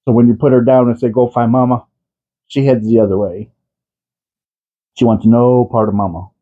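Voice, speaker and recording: A man's voice: mid-range voice, normal speed. A man talking to his pet cats in doting baby talk, chatting to viewers at home. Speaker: crafting channel host. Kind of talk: casual chat to pets and viewers. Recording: tinny phone-like audio.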